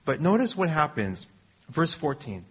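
A man's voice: a little high, sing-song, measured pace, a bit bright, husky. A man preaching a sermon in an earnest, personal way, often restarting his phrases.

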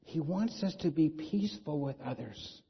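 A man's voice: fairly high pitch, lively intonation, moderate pace, gravelly, husky. A man preaching a sermon as pastor, talking conversationally and asking the congregation rhetorical questions. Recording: dull lo-fi sound.

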